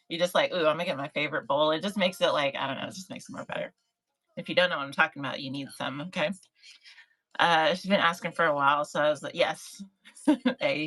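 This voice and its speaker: Brief: young woman, livestream host, bright forward tone, lowish pitch, chatty and encouraging. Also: rough recording. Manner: chatty, encouraging, reads chat names aloud. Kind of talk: casual live chat.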